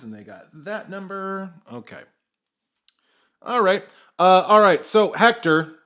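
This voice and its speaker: A man's voice: fairly high pitch, fairly bright tone. Casual man running a tabletop game. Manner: loose and conversational, frequent fillers. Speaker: game master.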